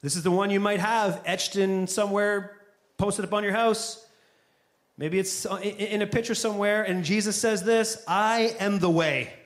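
High-voiced pastor preaching, chatty, jokes to the room. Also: male voice, flat delivery, moderate pace. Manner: conversational, joking asides. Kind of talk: sermon. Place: church before a live congregation.

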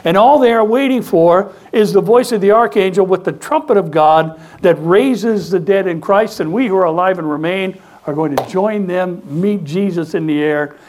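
A man with a high voice preaches a sermon in a church. He speaks with strong emphasis and prompts the congregation to call out responses. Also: moderate pace, few pauses, darkish tone. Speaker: pastor. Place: church sanctuary.

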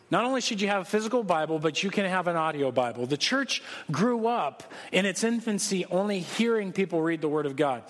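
A man's voice: high-pitched, a bit bright. A man preaching a sermon as pastor, conversational and joking but emphatic. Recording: long hall reverb.

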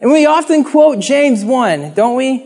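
Male preacher with a very high voice, earnest and chatty with the congregation, church hall reverb. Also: big pitch swings, measured pace, a little mellow. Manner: earnest, conversational, acts out pleading prayers. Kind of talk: sermon.

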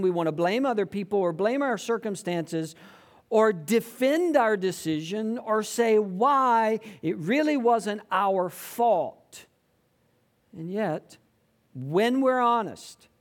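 Man, pastor, sermon, animated, wide-ranging pitch, acts out quotes. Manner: conversational, animated preaching with acted-out quotes.

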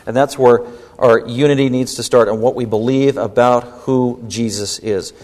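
Male pastor, mid-pitched, emphatic sermon delivery, long hall reverb. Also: fairly even intonation, normal speed, darkish tone. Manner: emphatic preaching, rising pitch when stirred.

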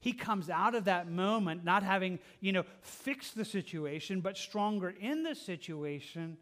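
A man preaching a verse-by-verse sermon as pastor, talking earnestly and conversationally, with restarts and soft laughs. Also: high voice, expressive, measured pace.

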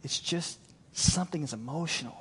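Pastor preaching in a reverberant hall. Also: male voice, fairly high pitch, normal speed, breathy edge. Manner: animated, storytelling, acts out quoted voices. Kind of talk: sermon. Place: large church hall. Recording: long church-hall reverb.

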